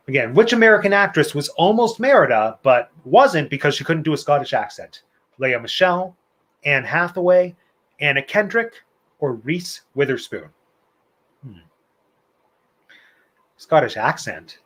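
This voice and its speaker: A man's voice: fairly high pitch, animated, unhurried, fairly bright tone. A man hosting a live online trivia night, reading out questions and answers in a chatty, playful way with opinionated asides. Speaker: trivia host.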